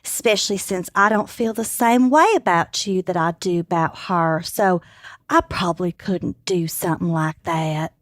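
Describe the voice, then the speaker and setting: A woman reading the part of an earnest married man in a flat, hesitant way, in a comic cold read. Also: on the low side, moderate pace, no echo, clean studio sound, voice pushed down, close to an everyday voice.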